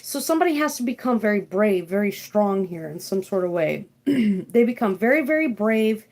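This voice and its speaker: A young woman doing a live tarot card reading, talking in a rambling, excitable way, often throwing in "freaking" and checking in with "okay?". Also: medium pitch, moderate pace. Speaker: tarot reader.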